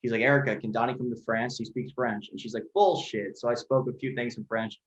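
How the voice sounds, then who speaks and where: Fast-talking man, rambling and profane. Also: medium pitch, level tone, fairly bright tone. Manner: rapid, rambling, heavy filler and profanity. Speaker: podcast guest, chef. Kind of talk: casual storytelling. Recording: lo-fi dull audio.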